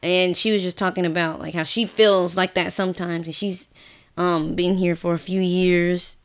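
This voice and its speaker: A woman's voice: fairly low pitch, moderate pace. A young woman who teaches English abroad, chatting casually on a podcast and acting out the people she quotes. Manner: animated storyteller, acts out quoted voices.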